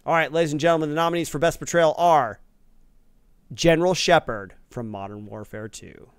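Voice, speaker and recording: Man, podcast co-host, smooth, enthusiastic, dry close-mic sound. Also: a little high, fairly quick, no room sound. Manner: enthusiastic, laughs easily. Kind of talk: casual podcast banter.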